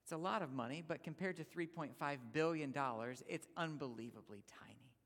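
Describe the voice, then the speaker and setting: A man preaching as a guest speaker, emphatic, swinging between loud points and near-whispers. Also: fairly high pitch, brisk. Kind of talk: sermon. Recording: long hall reverb.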